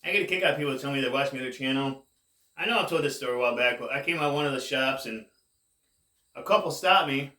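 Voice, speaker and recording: A man casually rambling to camera as a cannabis vlogger, laid-back and drawn-out, saying "man" a lot, high while he talks. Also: pushed and bright, roomy sound, far from the mic. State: high, getting more stoned.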